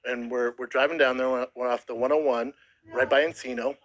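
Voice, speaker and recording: Over lo-fi sound, a medium-pitched man in his thirties speaks briskly as a podcast host. In casual, swearing chat he animatedly recounts a harrowing story with acted quotes, emotional and at times close to tears.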